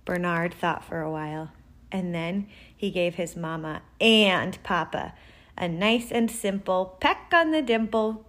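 A woman reading a picture book aloud to children in a deliberate, expressive way. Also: medium pitch. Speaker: reader.

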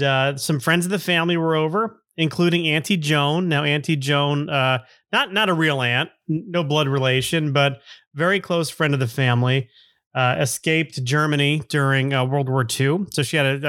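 A man's voice: fairly high pitch, a bit bright, dry recording, clean studio sound. A man in his fifties hosting a podcast, telling a personal story in a rambling way with chuckling asides. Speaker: podcast host.

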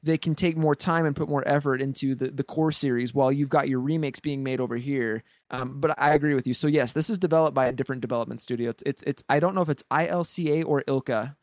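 An excited man co-hosting a podcast, rambling along in casual chat. His voice sits at an ordinary middle pitch. It is recorded dry and close, with no room sound. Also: fast talker, few pauses, no room sound. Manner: excited rambling with many restarts. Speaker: podcast co-host.

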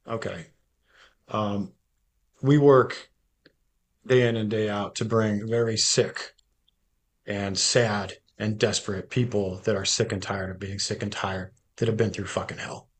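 Podcast guest dude, lowish voice, earnest and straight up, casual talk. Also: male voice, steady tone, unhurried. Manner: earnest, direct, calls the host bro.

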